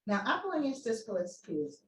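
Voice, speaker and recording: A woman's voice: on the high side, sing-song, a little fast. Woman lecturing in an echoey room. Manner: explanatory, thinks aloud with many ums, answers questions. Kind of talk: academic seminar lecture. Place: seminar room. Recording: echoey room, voice a bit distant.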